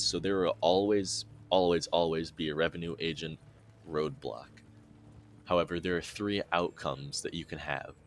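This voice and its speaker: Low-voiced young man explaining a game. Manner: relaxed, chatty, dry sarcastic asides. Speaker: game guide narrator. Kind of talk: casual gameplay tutorial voice-over.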